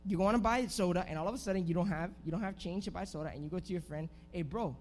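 Slangy, animated young male preacher. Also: high voice, rapid-fire, soft background music. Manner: slangy, animated, talks straight to the crowd. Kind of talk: energetic youth sermon storytelling.

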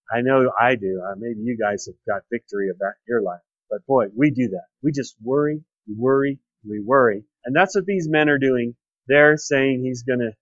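A man giving a conversational sermon, retelling a Bible story with lively acted-out quotes and light laughter. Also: a little high, dry recording, lo-fi sound. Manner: animated storytelling, acts out quoted speech. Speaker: preacher.

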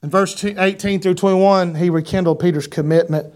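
A man's voice: high voice, moderate pace. A man preaching a sermon, quoting King James scripture and building to fervent cries. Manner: animated preaching, reading scripture in King James wording, rising to shouts.

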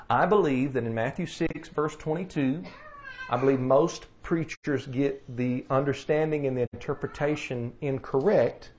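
Man, Southern accent, preacher, folksy, mid pitch, sermon teaching. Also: a little mellow, a little hiss or hum. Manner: folksy, plainspoken, asks rhetorical questions.

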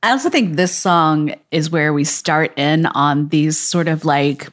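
Low-voiced middle-aged woman musing thoughtfully. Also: unhurried. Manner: thoughtful, analytical, many "like" fillers. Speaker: podcast guest, music writer. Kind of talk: casual podcast chat.

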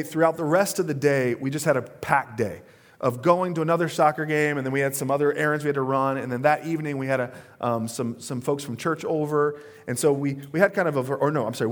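A man in his thirties, a pastor preaching a sermon, telling stories in a relaxed conversational way with plenty of fillers and asides. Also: mid-range voice.

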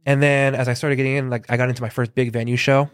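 A man from Southern California, a concert photographer, telling lively anecdotes in a casual interview and acting out quoted dialogue, with a lot of filler words. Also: medium pitch, quick pace, clear, resonant tone, no room sound.

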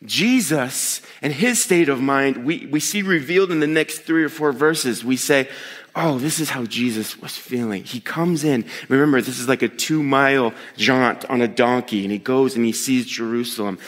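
A male pastor delivers a sermon in an animated, conversational manner, building to excited emphasis and then dropping to hushed asides. His voice sits at an ordinary middle pitch. The sound carries a long reverb, as in a large church hall. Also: normal speed. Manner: animated, conversational preaching that swings between excitement and hushed tones.

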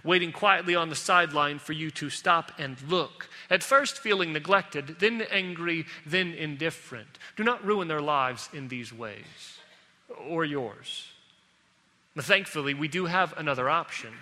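A man delivers a sermon with a high, very bright voice. He talks in an emphatic, conversational way and tells stories as he goes. His words ring out with the long reverb of a large hall. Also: moderate pace. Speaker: pastor.

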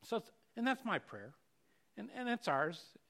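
A middle-aged man delivering a sermon with a fairly high-pitched voice. He speaks earnestly, restarting phrases and doubling words. He swings from hushed, intimate passages to sudden loud emphasis. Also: big pitch swings, a little slow, gravelly. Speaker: pastor.

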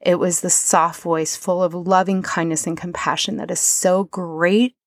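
Unhurried and fairly low, with little pitch movement, a woman talks on her podcast about something personal. It's a reflective monologue, soft and earnest, and the emotion sometimes brings her near tears. No room sound is audible.

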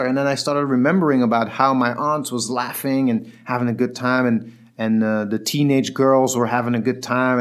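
A man telling a personal story in a casual, animated way, acting out the quoted voices of the people in it. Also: on the high side.

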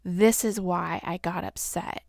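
A woman's voice: on the low side, steady tone, measured pace, gravelly, a little mellow, no echo, studio quality. A woman hosting a podcast, candidly telling personal stories and acting out what people said. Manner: candid storyteller, acts out quotes with bursts of speed. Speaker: podcast host. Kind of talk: personal reflective talk.

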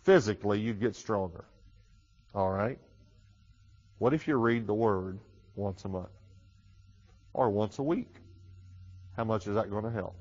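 Man preaching with big swings in volume. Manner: dynamic preaching, rises loud on key phrases then drops low and quick; repeats words and restarts often, conversational. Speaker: pastor. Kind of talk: sermon. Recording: dull reverberant hall recording.

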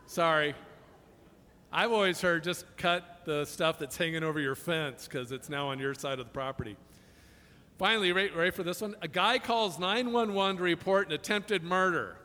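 Pastor type, man, high bright voice, chatty jokes into earnest preaching, long reverb of a hall. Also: moderate pace. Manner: chatty, jokey storytelling building to earnest preaching. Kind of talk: sermon with humorous stories.

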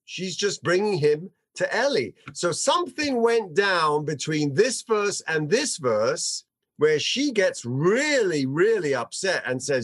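A man teaching a text study class, reading verses aloud and translating them in a dramatic, animated way. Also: high-pitched, takes it slowly. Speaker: Bible teacher.

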